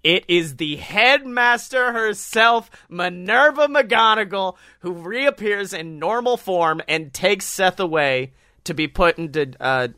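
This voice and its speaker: Bright-voiced guy rambling through a story. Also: fairly high pitch, no room sound, studio quality. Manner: rambling, animated storytelling with lots of "like" and swearing. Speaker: podcast co-host. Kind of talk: casual comedic retelling.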